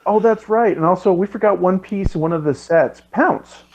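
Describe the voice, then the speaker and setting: A man co-hosting a podcast in casual chat, joking and halting with fillers. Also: sits high, darkish tone. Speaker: podcast co-host. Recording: dull lo-fi mic.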